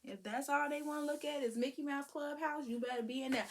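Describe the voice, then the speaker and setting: A woman giving casual, animated parenting advice, breaking into sing-song sounds. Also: high voice, fast, few pauses, a little hiss or hum. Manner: animated, preachy, sings and vocalizes to demonstrate. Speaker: parenting vlogger.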